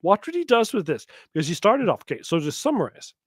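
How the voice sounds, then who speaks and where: A man hosts a podcast and mocks the clips he plays with quick sarcastic asides. His pitch jumps around a lot. The sound is dry and close. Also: wildly swooping pitch, slightly rough, no echo. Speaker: podcast host. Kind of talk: sarcastic commentary on played clips.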